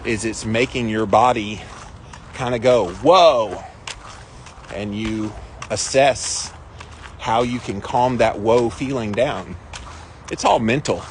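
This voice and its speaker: Man, middle-aged, casual live-stream host, chatty, outdoors, windy mic noise. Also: medium pitch. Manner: chatty, greets viewers by name.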